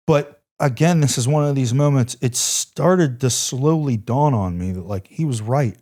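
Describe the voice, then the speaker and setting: A man's voice: medium pitch, unhurried, darkish tone. A middle-aged man, a former soldier, telling a war story in a podcast interview with intense, emphatic delivery and blunt swearing. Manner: intense, emphatic, repeats phrases, swears freely. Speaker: podcast guest, former Army Ranger.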